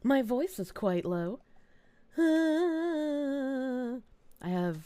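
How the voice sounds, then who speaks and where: A woman streaming live, thanking viewers in casual, sleepy, low-key chat and swearing freely. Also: very animated, very slow, warm tone, clear, resonant tone, no room sound. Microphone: desk mic with gain turned up.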